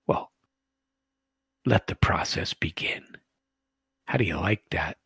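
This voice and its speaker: Gravelly, husky man rambling sardonically. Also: sits low, expressive, slow pace, pauses often, fairly bright tone, no room sound. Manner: rambling, sardonic, reads posts aloud with asides. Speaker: political commentary host. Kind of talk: casual solo commentary.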